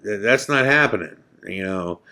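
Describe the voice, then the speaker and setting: Man, low voice, podcast host, casual storytelling, halting, lots of fillers. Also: lively intonation, bright, forceful tone. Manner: halting, filler-heavy, repeats words.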